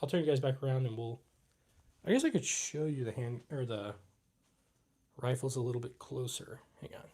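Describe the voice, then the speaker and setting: Young adult male streamer, relaxed and rambling, mid-pitched everyday voice. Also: normal speed, long pauses. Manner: relaxed, rambling, reads chat aloud with fillers. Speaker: livestream host. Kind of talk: casual live Q&A chat.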